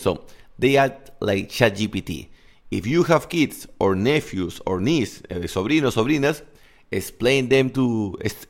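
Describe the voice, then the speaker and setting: A man in his thirties, a native Spanish speaker, coaching in a casual podcast monologue, candid and loose, swearing and slipping into Spanish asides. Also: mid-range voice. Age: 30s.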